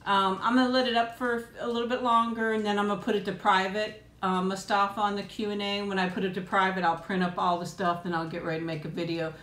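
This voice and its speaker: A middle-aged woman chats casually through a live stream on her tablet at home. She laughs often and coos affectionately at her pet. Her voice sits at an ordinary middle pitch, and the room around her is noticeably echoey. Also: flat delivery, fast, few pauses, a bit bright.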